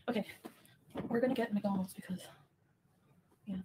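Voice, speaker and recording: A woman's voice: medium pitch, fairly even intonation, measured pace, warm tone, slight background noise. A woman from Ottawa chatting casually on a livestream, giggling and answering viewer comments. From Ottawa, Canada.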